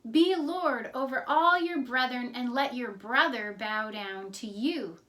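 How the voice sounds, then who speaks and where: A woman's voice: on the high side, measured pace, fairly bright tone, far from the mic. Woman voicing a solemn old blind patriarch. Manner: solemn, pronouncing blessings. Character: aging blind father patriarch, solemn and shaken.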